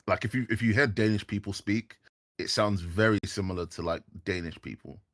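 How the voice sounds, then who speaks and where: A man's voice: on the low side, fairly quick, a bit bright, dry recording, clean studio sound. A man with a London accent chatting casually on a livestream, rambling with lots of fillers and restarts. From England.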